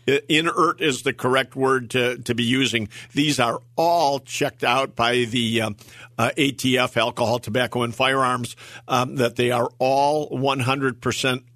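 A man co-hosts a radio show in a casual, rambling way, full of fillers and restarts. His voice sits at an average pitch and is recorded close and dry, without any room sound. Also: fairly even intonation, measured pace, fairly bright tone, no echo. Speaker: auction company co-host.

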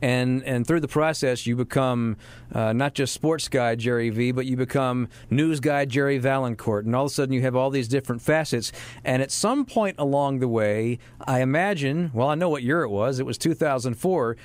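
A man's voice: mid-range voice, moderate pace, no echo. Man hosting an interview, dry sound. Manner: leading, recaps the guest's career. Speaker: interview host. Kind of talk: conversational interview.

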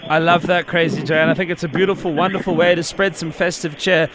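An upbeat radio host teases his co-host in quick banter. His voice is high for a man. Faint noise sits in the background. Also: fairly even intonation, fairly bright tone. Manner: teasing, upbeat.

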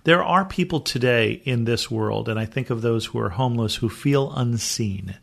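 A man's voice: mid-range voice, moderate pace, vocal fry. A man from the United States teaching a Bible study podcast, reading scripture aloud and then explaining it earnestly.

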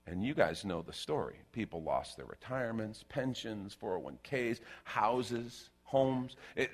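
Animated preacher man, wide-swinging voice. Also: medium pitch. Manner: animated and rhetorical, with sarcastic asides. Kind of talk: sermon.

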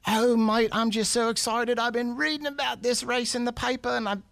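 A man voicing a cheerful, poor old Australian farmer with an eager, folksy way of talking, in a deliberately rough Australian accent. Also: very high voice, fairly even intonation, fairly bright tone, no room sound, pitched above the performer's own voice, exaggerated voice.

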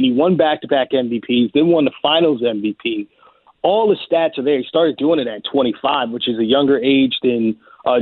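A man's voice: mid-range voice, no room sound. A man arguing basketball takes on a sports talk show, emphatic and confident. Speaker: basketball analyst. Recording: tinny phone-like audio.

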